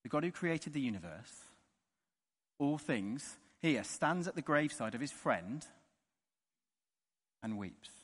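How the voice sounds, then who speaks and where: Earnest preacher in a reverberant hall. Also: male voice, medium pitch, very animated. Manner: earnest, drops to soft slow emphasis on key words. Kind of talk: sermon. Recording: long reverb of a large hall.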